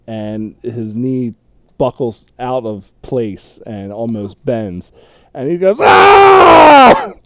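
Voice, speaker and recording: A man narrating as game master of a tabletop game, loose and halting, with frequent laughs. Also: medium pitch, warm tone, clean tone.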